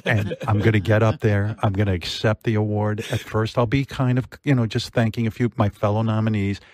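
A man's voice: lowish voice, level tone, fairly quick, a little mellow. A man hosting a casual interview, talking enthusiastically and rambling, with plenty of swearing. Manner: enthusiastic, profane, rambling with fillers.

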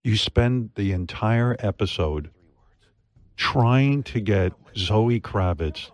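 Lower-pitched man gushing casually. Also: expressive, takes it slowly, a little mellow. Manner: enthusiastic, profane, rambling with fillers. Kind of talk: casual interview chat.

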